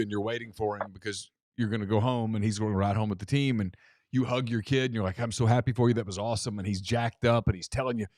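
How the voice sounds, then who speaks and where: A middle-aged man, co-hosting a casual radio call-in show and telling stories in an animated way, often repeating himself. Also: on the low side, no room sound, studio quality. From American South. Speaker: co-host.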